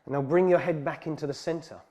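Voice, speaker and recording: A male yoga teacher from England guides a class in a heated studio, calling out each breath and pose steadily and calmly. He talks fast, and his voice is a little higher than most men's.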